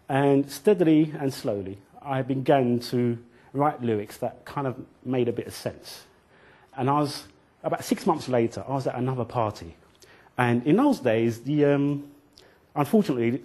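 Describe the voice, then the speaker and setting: A husky-voiced man tells stories from his youth to children. He is middle-aged and animated, acting out what people said. His pitch sits in the ordinary middle range. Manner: animated storyteller who acts out quotes and chants rhymes. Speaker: children's author. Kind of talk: storytelling talk to children.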